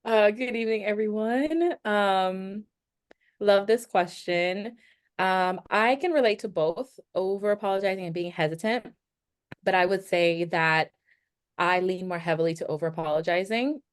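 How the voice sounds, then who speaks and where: Smooth-voiced woman sharing calmly. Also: mid-range voice. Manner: polite, measured, opens with a greeting. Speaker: discussion participant. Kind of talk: sharing in group discussion.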